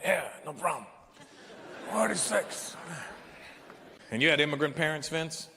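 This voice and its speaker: A man in his forties performing a stand-up comedy set, telling stories animatedly with profanity and loud punchlines. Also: fairly high pitch, fairly even intonation, quick pace, slight background noise. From Canada. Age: 40s. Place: large live venue. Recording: echoey hall with live crowd ambience.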